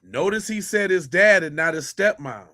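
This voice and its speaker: A man's voice: sits high, animated, moderate pace, bright, forceful tone. A middle-aged man hosting a podcast, giving mocking, incredulous, slangy commentary on a clip.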